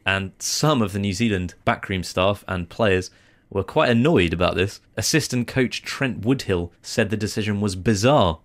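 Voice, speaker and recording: A man co-hosting a podcast in a studio, chatting casually and teasing his co-host with dry banter. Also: lowish voice. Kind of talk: casual chat.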